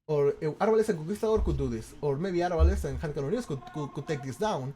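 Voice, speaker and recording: A man casting a strategy game, excitable and stammering, firing off rhetorical questions. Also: on the high side, fast talker. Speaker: game commentator. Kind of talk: casual game commentary.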